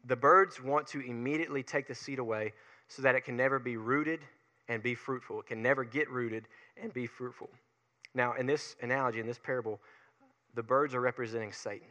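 Folksy Southern preacher, bright voice. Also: male voice, medium pitch, in a large hall. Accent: Southern US, Alabama Gulf Coast. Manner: energetic, fast when fired up, folksy. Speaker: pastor. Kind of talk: sermon.

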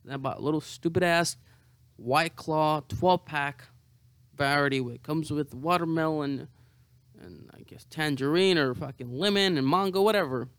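A man's voice: on the high side, moderate pace, fairly bright tone, clean tone, no echo. A hungover young man rambling to camera in a profane, self-mocking monologue. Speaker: vlogger.

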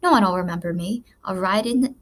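A woman's voice: medium pitch, a little fast, lightly acted. Woman doing a stout, sensible farm mother, eager, lifted voice, plainspoken, storybook reading. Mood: cheerful. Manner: eager, brighter and louder than the narration.

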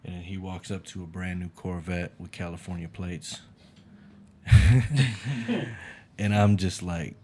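A man's voice: sits low, little pitch movement, unhurried, long pauses, dark tone. A man telling a long story in casual chat, laid-back, with lots of fillers and swearing.

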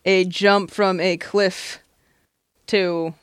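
Podcast guest chatting and laughing, middle pitch, dry close sound. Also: flat delivery, very slow, fairly bright tone, clean tone, dry recording. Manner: laughing, acting out quotes. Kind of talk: casual chat.

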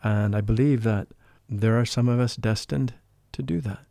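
A man talking as a guest in an interview, telling a personal spiritual story in an earnest, emotional way. He often drops into a hushed voice when he quotes people. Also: mid-range voice, moderate pace, gravelly, dry recording, clean studio sound. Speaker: podcast guest, spiritual life coach.

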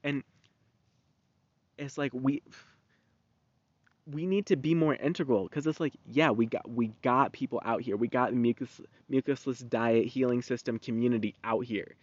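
A young man in his twenties hosting a podcast, talking in a rambling, profane, animated monologue. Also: mid-range voice, moderate pace, long pauses, no echo. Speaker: podcast host. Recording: dull, dry lo-fi recording.

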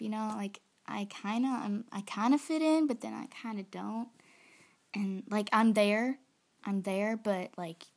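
A young woman with a gravelly, mid-range voice hosts a casual solo podcast, chatting into her phone. She rambles self-consciously and frequently drops to a whisper.

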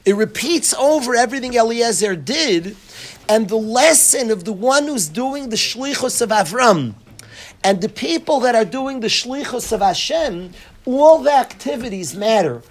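A man's voice: very high-pitched, lively intonation, normal speed. A man gives a Torah lecture to students. He speaks earnestly, repeating his points and mixing in Hebrew and Yiddish terms. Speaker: rabbi teaching in a yeshiva.

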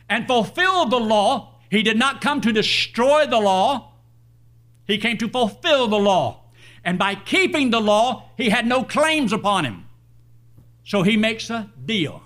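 An older man preaching a sermon, telling a personal story in a folksy, animated way. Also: sits high, unhurried.

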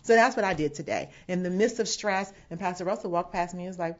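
A woman pastor with a fairly low voice talks fast with hardly any pauses, teaching a sermon from a home setting away from the sanctuary. She adds emphatic quoted asides and bursts of laughter, and the recording sounds dull and lo-fi.

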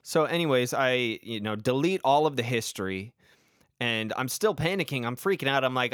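A man's voice: mid-range voice, very animated, brisk, a bit bright, no room sound. Young male storyteller, rambling and self-mocking, comic monologue, dry mic. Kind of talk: comedic personal story.

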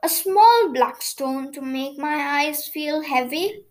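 A sleepy, cross male brownie who talks in a weary, drawn-out way, as a woman reads him in a bedtime story. His voice sits high and light. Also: lively intonation, darkish tone. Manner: tired, cross, yawning. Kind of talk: children's storybook reading.

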